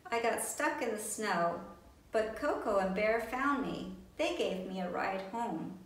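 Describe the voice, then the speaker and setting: A woman voicing a small, shivering young baby deer in a high, eager, childlike way, reading a storybook aloud. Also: lively intonation, unhurried, close to an everyday voice. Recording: roomy, distant, faint background noise.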